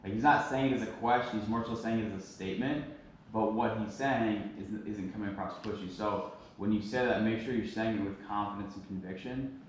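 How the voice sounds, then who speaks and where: Sales coach, man, lowish voice, talking to his team; roomy and distant. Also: fairly even intonation, a little fast, a little hiss or hum. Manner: coaching, emphatic, repeats himself. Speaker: sales trainer. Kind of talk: team training talk. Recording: echoey room from far off.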